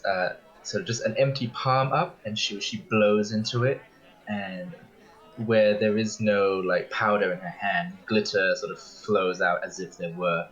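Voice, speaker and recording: A man narrating a tabletop role-playing game as game master, unhurried and full of fillers. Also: fairly low pitch, a bit bright, rough recording. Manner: unhurried, with frequent fillers and laughs.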